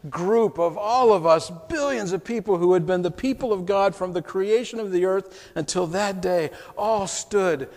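A male pastor preaching an emotional first-person story, heartfelt, going from hushed to exclaiming, in a church sanctuary. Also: high-pitched, moderate pace, hardly any pauses. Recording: long hall reverb.

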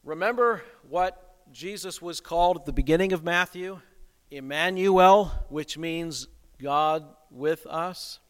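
A man's voice: on the high side, takes it slowly, clear, resonant tone. A man preaching a sermon, emphatic and posing rhetorical questions to the congregation. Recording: long reverb of a hall.

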